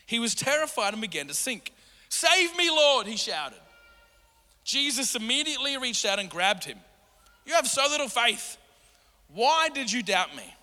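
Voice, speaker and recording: Male pastor, high and bright voice, sermon delivery, reverberant hall. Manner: energetic, builds to emphatic repeated commands. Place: church hall.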